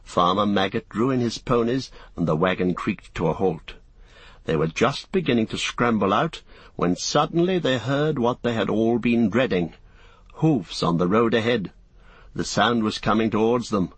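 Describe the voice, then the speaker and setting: A male audiobook narrator with a low, husky voice, reading a fantasy novel in a measured, even way. The recording is dry and close. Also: dry recording.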